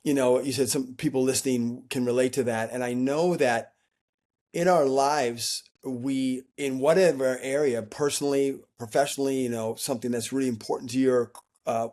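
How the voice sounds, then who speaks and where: Male interview guest, conversational and animated, playful quoted voices. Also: medium pitch. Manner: animated, acts out quoted voices, frequent restarts. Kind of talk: reflective conversational storytelling.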